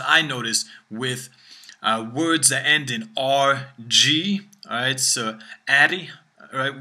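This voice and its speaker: A man's voice: medium pitch, bright, forceful tone. A man giving a video language lesson, explaining at length and checking in often with "all right?" and "okay?". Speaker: language teacher. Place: room with phone ringing behind.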